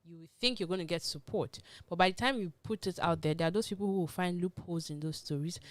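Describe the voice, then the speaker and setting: Low-voiced woman hosting talk radio. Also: fast talker. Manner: conversational, opinionated, emphatic asides. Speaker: radio talk show host. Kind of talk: casual panel discussion. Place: radio studio.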